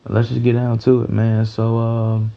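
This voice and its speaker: A man's voice: mid-range voice, completely flat delivery, a little slow, gravelly, lo-fi sound, very noisy. A tired man hosting a rambling, loose, profane sports talk show, with many restarts. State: a little tired. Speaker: sports podcast host.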